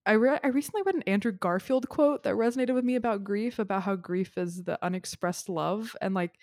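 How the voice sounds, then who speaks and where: A podcast co-host with a mid-range, darkish voice is tearful and sniffling, crying as she rambles earnestly about a film she loves. The recording is dry.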